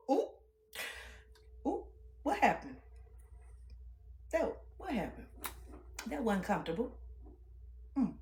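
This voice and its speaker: A woman's voice: fairly high pitch, wildly swooping pitch, takes it slowly, pauses often, dark tone. A woman livestreamer ranting in a blunt, profane, confrontational way. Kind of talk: livestream rant. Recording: roomy echo.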